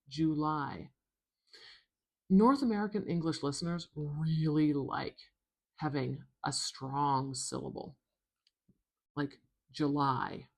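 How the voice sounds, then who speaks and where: A woman teaching phonetics in a slow, soft tutorial, patiently repeating each sound. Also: deep voice.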